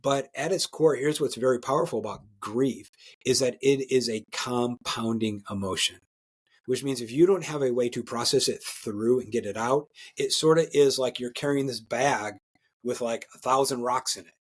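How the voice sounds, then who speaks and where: A man talking as a guest coach in a podcast interview, energetic and emphatic, often tagging his points with "right?" and restarting words as he gets going. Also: medium pitch, normal speed, husky. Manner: repeats and restarts words when excited.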